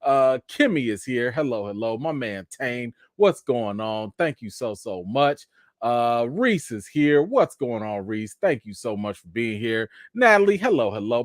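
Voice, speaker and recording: Brief: man, 30s to 40s, casual live-stream host, mid pitch, dry close sound. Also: sing-song, moderate pace, no room sound. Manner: laid-back, chatty, greets viewers by name.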